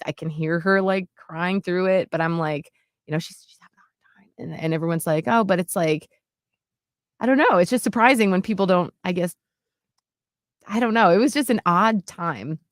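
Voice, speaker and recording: Podcast lady chatting, lowish voice, dry close mic, earnest and heartfelt. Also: no echo. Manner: earnest, heartfelt, lots of "like" and restarts. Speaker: podcast co-host. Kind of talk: casual storytelling chat.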